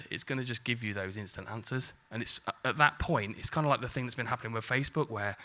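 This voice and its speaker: Bright-voiced man giving a talk. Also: mid-range voice, fast, few pauses. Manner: jokey, casual, swears lightly, acts out exchanges. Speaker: conference speaker. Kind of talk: live marketing talk.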